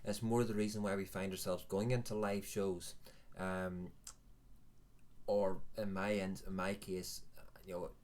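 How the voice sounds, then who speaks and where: A man's voice: sits low, level tone, a little slow, darkish tone. A Northern Irish man in his forties hosting a live chat show, talking candidly and self-deprecatingly in a rambling way. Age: 40s. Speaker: live show host and vape reviewer. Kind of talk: casual chat.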